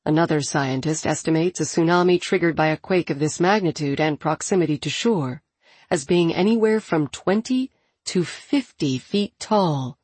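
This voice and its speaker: A woman with a low, husky voice narrates an audiobook at a measured, steady pace. The recording is dry and close with no room sound. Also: dry recording.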